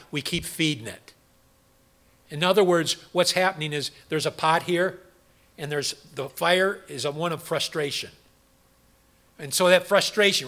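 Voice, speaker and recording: Bright gravelly-voiced male preacher. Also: on the high side. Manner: animated, acts out quoted voices, asks the audience questions. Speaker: pastor. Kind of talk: sermon.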